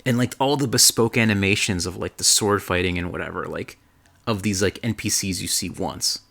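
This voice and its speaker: Podcast co-host, male, deep gravelly voice, enthusiastic rambler. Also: a little fast. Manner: excited, rambling, swears freely. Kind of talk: casual chat recapping a game.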